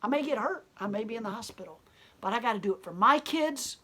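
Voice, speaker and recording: Husky-voiced blunt, defiant woman. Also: a little high, animated, quick pace, bright, forceful tone. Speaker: gallery owner and protester. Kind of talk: impassioned interview monologue.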